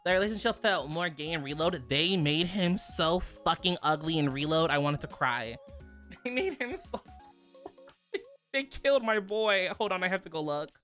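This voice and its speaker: A young adult woman chatting casually on a stream, animated, profane and quick to laugh. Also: lowish voice, faint music behind. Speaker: virtual streamer.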